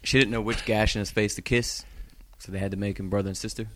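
A man's voice: fairly low pitch, steady tone, quick pace, a bit bright. Male co-host, teasing, mid voice, faint noise floor. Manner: teasing, sarcastic. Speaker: podcast co-host. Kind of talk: casual banter.

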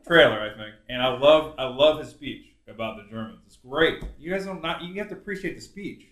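A man's voice: medium pitch, expressive, a little fast, fairly bright tone, roomy sound. A man co-hosting a podcast in casual chat, enthusiastic and pushy, pressing the others to play along. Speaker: podcast co-host.

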